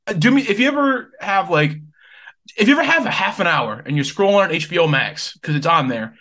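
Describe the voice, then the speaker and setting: Bright, joking man on a podcast. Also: high-pitched, expressive, fairly quick. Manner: laughs often, joking and emphatic. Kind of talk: casual podcast chat.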